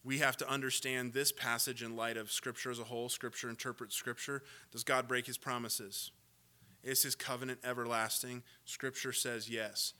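Bright-voiced man preaching with passion. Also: medium pitch. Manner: impassioned preaching, sarcastic asides, builds to loud climaxes. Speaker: pastor. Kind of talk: sermon.

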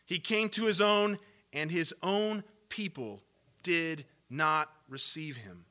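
Preacher guy giving a sermon, kinda high bright voice, gets worked up and loud. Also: slow. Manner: impassioned preaching, sarcastic asides, builds to loud climaxes. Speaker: pastor.

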